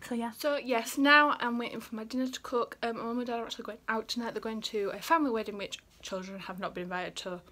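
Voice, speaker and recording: Gushing girl-next-door vlogger, bright and chatty, young adult. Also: a little high, steady tone, fast, few pauses. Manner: bubbly, gushing, rambling. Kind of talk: casual vlog chat. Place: family home, indoors.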